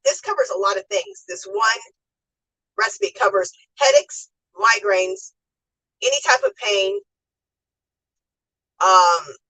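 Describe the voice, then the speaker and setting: A woman's voice: mid-range voice, bright, forceful tone, breathy edge, distant mic, poor audio. A middle-aged American woman hosting a casual livestream, chatting and laughing as she reads viewer comments aloud. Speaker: livestream host.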